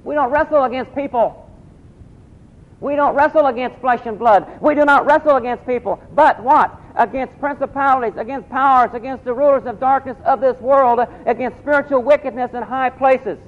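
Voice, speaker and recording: A man's voice: extremely high pitch, moderate pace. A man preaching a sermon, asking the congregation questions and repeating key phrases. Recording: dull lo-fi recording.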